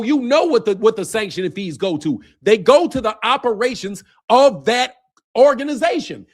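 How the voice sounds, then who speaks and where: High-voiced man ranting on a livestream. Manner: combative, ranting at chat, repeats "bro". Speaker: boxing channel host. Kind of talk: heated livestream commentary.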